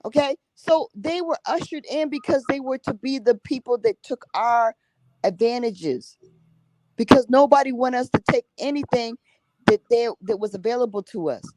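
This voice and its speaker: Her voice sits a little high, expressive and darkish, at a moderate pace, in a dry, low-quality recording. As a talk show guest who organizes a summit, she speaks with passionate, emphatic bluntness and salty language, repeating herself and ending points with "okay?".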